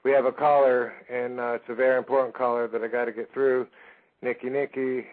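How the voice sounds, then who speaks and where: A man's voice: medium pitch, little pitch movement, fairly quick. A male talk-radio host with a mid-range voice who jokes constantly and swears with ease. The sound is thin and phone-like, as if heard over an old radio broadcast. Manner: joking, swears freely. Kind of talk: loose, profane radio talk. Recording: tinny phone-like radio audio.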